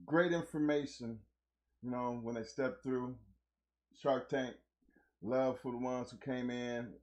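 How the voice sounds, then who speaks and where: A man's voice: medium pitch, slow. A man hosting a live-streamed talk show, chatting casually with his co-host and the viewers. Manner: animated, repeats "you know what I'm saying".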